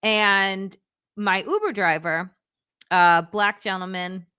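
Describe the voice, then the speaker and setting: Bright, animated woman telling a story. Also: medium pitch, slow pace, clear, resonant tone. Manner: animated, acts out quoted voices, laughs often. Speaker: political analyst and co-host. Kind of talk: casual storytelling chat.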